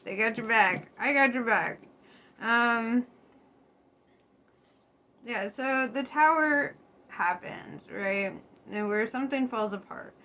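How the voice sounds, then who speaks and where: A woman's voice: medium pitch, fairly bright tone. A young woman giving a casual tarot reading to her viewers, chatty and loose, laughing often and swearing freely. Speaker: tarot reader. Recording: faint background noise.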